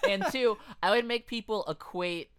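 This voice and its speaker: A man co-hosting a comedy podcast, joking in quick asides and laughing often. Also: sits high, fairly bright tone, clean tone. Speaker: podcast co-host. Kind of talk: casual comedy chat.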